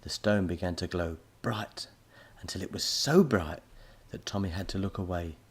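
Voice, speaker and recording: A man narrating a children's audiobook in a lively storytelling manner. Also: low-pitched, normal speed, breathy edge.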